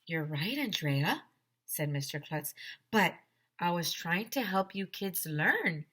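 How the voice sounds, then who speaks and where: A woman teacher reading a children's chapter book aloud, animated and full of character voices. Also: fairly low pitch, slow pace. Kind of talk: children's storybook read-aloud.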